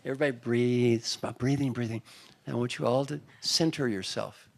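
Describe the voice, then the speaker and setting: A man's voice: fairly even intonation, fairly quick, gravelly. An older man, an executive coach, telling jokes and stories on a panel. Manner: playful storyteller, mocks whining in a high squeaky voice. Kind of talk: humorous panel talk.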